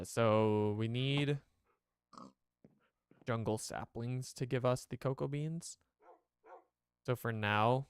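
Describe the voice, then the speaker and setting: Male streamer, smooth voice, loose chatty play-by-play. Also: mid-range voice, dry recording. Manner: rambling, chatty, talks to chat. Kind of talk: casual game commentary.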